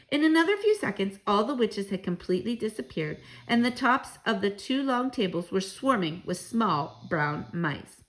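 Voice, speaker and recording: Expressive female storyteller reading to children, lively pitch. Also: poor audio.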